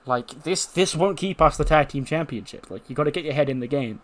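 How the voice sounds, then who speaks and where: A man voicing a serious woman wrestling champion who answers flatly and without enthusiasm. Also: fairly high pitch, fairly quick, lightly acted. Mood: deadpan. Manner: flat and unimpressed.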